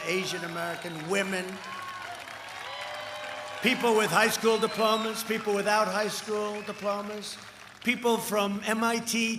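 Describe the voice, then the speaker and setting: A man in his seventies giving a campaign rally speech, rambling and repeating himself, boasting and riffing with the crowd. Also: high voice. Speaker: political speaker. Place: large outdoor rally. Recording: echoey rally sound, cheering crowd. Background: crowd noise.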